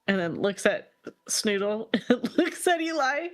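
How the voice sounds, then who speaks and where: A woman playing a tabletop game, speaking in a halting, hesitant way. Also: mid-range voice, sing-song, no room sound. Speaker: player. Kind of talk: tabletop role-play.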